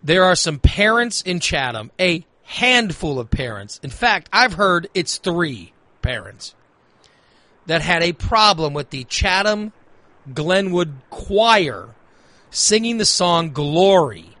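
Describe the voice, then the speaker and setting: A man's voice: high-pitched, very animated, slow, sharp tone, no room sound. A man hosting a talk radio show, ranting in a heated, emphatic way and repeating phrases for emphasis. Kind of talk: opinionated talk radio rant.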